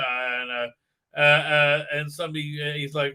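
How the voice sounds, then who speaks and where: A man's voice: on the high side, fairly even intonation, normal speed, pushed and bright, clear, resonant tone. A man ranting sarcastically in a show review, swearing often and full of fillers and restarts. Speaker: commentator.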